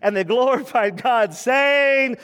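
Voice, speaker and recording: A man with a notably high voice preaches to his congregation, pacing his words slowly. He acts out the people in the story and laughs along as he goes. The sermon carries the long reverb of a large sanctuary. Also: clear, resonant tone. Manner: animated, acts out quoted voices, laughs often. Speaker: pastor.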